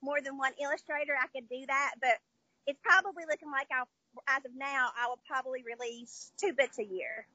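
A high, bright woman's voice with a Southern American twang tells stories in an upbeat, chatty way. The sound is dry and close, and she talks as a guest author in a casual interview. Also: steady tone, brisk, dry recording, dull audio. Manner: chatty, upbeat storyteller with fillers. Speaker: children's book author, guest.

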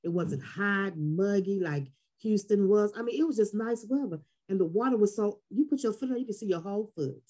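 A woman's voice: mid-range voice, a little fast, few pauses. A woman, telling stories as a podcast guest and acting out the people she quotes. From Texas Gulf Coast. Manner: animated storyteller who acts out quotes. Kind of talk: casual podcast interview.

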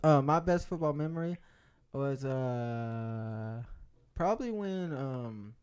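A man's voice: mid-range voice, lively intonation, slow, a little mellow, clear, resonant tone. A young man telling a rambling story in a casual podcast chat, laughing and acting out the voices of other people.

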